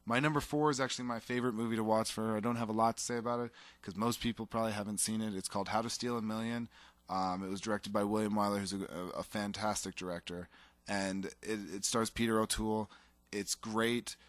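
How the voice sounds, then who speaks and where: A man's voice: fairly low pitch, steady tone, fast talker, no room sound. A man co-hosting a casual talk show, rambling enthusiastically about his favorite films with frequent restarts. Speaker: podcast co-host. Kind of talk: casual chat.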